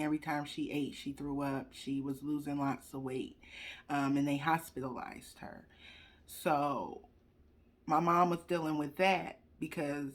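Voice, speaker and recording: Young woman vlogging a personal story into a webcam, chatty and close to tears. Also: deep voice. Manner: chatty, addresses viewers directly; fighting back tears. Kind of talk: emotional personal testimony. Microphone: computer webcam.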